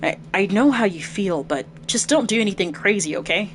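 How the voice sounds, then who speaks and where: A woman reading game lines aloud as a mild, earnest teenage boy, soft and placating. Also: mid-range voice, animated, a little fast, slight background noise, lightly acted.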